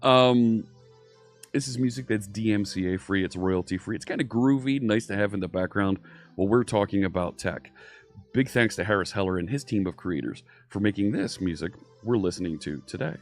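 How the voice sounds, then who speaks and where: Lowish and fairly quick, this man's voice carries a light Philadelphia accent; he's from Philadelphia, USA. He greets viewers by name while teaching programming on a casual, upbeat live stream in his home studio, with faint synthwave music playing.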